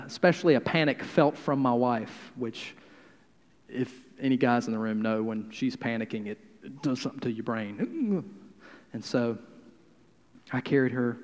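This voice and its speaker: A man preaching a sermon, swinging from hushed, quiet passages to loud, emphatic declarations. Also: mid-range voice. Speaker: pastor. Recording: long hall reverb.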